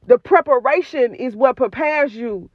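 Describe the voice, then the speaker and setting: A woman's voice: sits high, measured pace, dry recording, lo-fi sound. A woman hosting a podcast, giving an emphatic, repetitive, preacherly motivational talk recorded on her phone. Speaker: podcast host.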